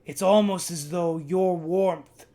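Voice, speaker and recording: A man's voice: sits high, steady tone, slow pace, mellow. A friendly tavern keeper with an unsettling edge, chuckling over the endless cold, as a game master puts him on. He speaks in a plain, everyday voice within a tabletop game. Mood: welcoming. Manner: chuckling, ominous about the cold. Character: friendly but eerie male tavern bartender.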